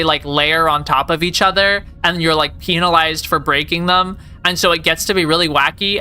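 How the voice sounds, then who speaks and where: A woman's voice: on the low side, bright, forceful tone. A woman in her late twenties chatting casually on a live stream, rambling and joking, with lots of "like" in her speech. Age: late 20s. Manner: rambling, jokey, heavy use of "like".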